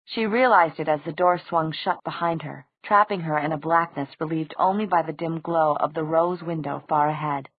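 Husky woman narrating a novel. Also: lowish voice, no echo. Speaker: audiobook reader. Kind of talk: scripted narration. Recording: dry, tinny phone-like sound.

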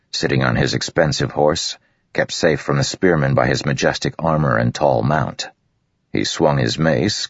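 A man narrating a story in a steady, even way, with an extremely deep voice and heavy vocal fry. The recording is dry and dull, with the top end muffled. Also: no echo. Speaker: audiobook narrator. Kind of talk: scripted narration.

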